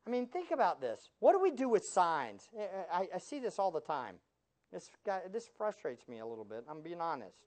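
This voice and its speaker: Man, pastor, sermon, very animated pitch, rhetorical questions, sarcastic asides. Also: brisk.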